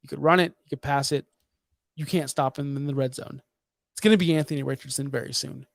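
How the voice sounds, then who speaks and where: A man's voice: mid-range voice, fairly even intonation, a little fast, vocal fry, no room sound. A man co-hosting a fantasy football podcast, talking in a fired-up, emphatic, ranting way. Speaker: podcast co-host. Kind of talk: heated fantasy football talk.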